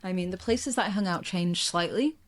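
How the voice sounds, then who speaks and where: Woman, low-pitched voice, chatty and laughing, casual podcast guest. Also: fairly quick, background noise. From England. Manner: chatty, laughs often, many fillers. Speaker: podcast guest, marketing agency founder. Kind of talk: casual conversational interview.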